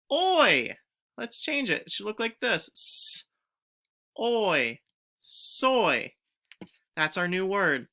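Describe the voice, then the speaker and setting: A woman teacher giving a recorded phonics lesson to young pupils, stretching out each word sound clearly and encouraging the children to join in. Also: on the low side, sharp tone. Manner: encouraging, speaks directly to children.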